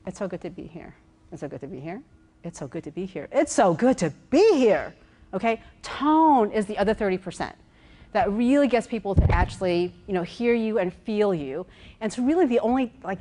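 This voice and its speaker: A woman executive coach giving a lively workshop talk, walking around as she speaks, repeating words and checking in with her listeners. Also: medium pitch. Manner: walks around while speaking.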